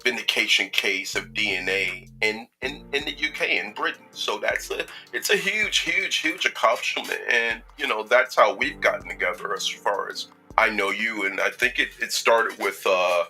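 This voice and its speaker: Chicago guy hosting his show, low-ish voice with a really sharp bright edge, jokey and rambling. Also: moderate pace, few pauses, faint music behind, rough recording. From Chicago, United States. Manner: joking, chatty, lots of filler words. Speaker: talk show host. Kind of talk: casual interview introduction.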